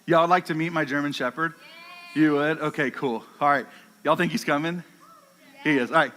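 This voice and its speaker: Man speaking casual youth preacher, high bright voice. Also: fairly even intonation, normal speed, pauses often, big-room sound. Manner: casual, chatty preaching with many fillers; talks to his dog in low soft commands. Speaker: youth pastor. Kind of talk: sermon.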